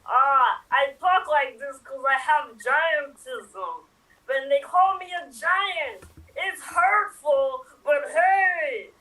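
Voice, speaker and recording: Improv bit: a woman playing a clumsy giant at tea, drawn-out speech, sharp tone, distant. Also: heavily acted. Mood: booming hospitable. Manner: slow, booming and clumsy. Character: huge gentle male giant hosting a tea party.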